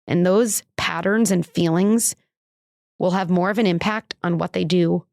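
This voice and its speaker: A woman's voice: fairly even intonation, a little slow, vocal fry, a little mellow, dry recording, clean studio sound. A woman hosting a parenting podcast, telling a personal story in a candid, conversational way and acting out quoted lines. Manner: candid and conversational, many "like" fillers; acts out quoted dialogue with lifted pitch. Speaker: parenting psychologist and podcast host.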